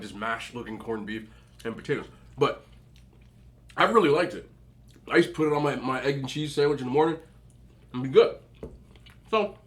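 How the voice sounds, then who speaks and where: A young adult man, a mukbang vlogger, eats and talks with his mouth full while casually telling chatty stories. His voice is mid-range with a fairly bright tone.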